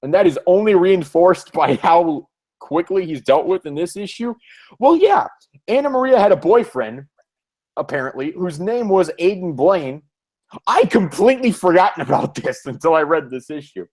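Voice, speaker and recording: A man's voice: high-pitched, very animated, moderate pace, a little mellow. A man co-hosting a podcast, talking sarcastically and animatedly about comics in a casual way. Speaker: podcast co-host. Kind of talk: casual comic book discussion.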